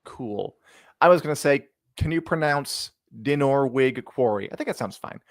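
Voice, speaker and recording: Wry male co-host, mid-pitched. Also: lively intonation, moderate pace, no echo. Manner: dry, wry, sarcastic. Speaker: podcast co-host. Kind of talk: casual chat.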